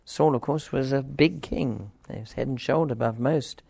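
Gravelly older man teaching scripture. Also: medium pitch, moderate pace, a little mellow, no echo. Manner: discursive, wry asides, reads scripture aloud with force. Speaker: Bible teacher. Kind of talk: informal Bible exposition.

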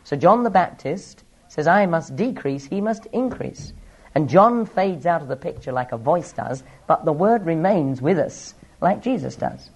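A man's voice: on the high side, lively intonation, measured pace, vocal fry, slightly rough, dull audio. A man teaching through a Bible passage, explaining each verse with asides and small laughs.

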